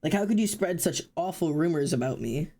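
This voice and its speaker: A streamer chatting casually and loudly to live viewers, rambling and poking fun at themself. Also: mid-range voice, expressive, fairly quick. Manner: loud, rambling and self-mocking. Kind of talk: casual livestream chat to viewers.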